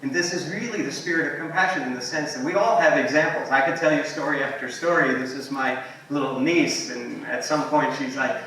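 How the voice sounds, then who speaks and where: A man giving a relaxed, anecdotal keynote talk to an audience, telling stories with frequent ums and asides. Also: mid-range voice, fairly quick, hardly any pauses. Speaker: invited guest speaker. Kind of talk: conversational storytelling keynote talk. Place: large echoing university hall. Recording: echoey hall, distant mic, faint noise.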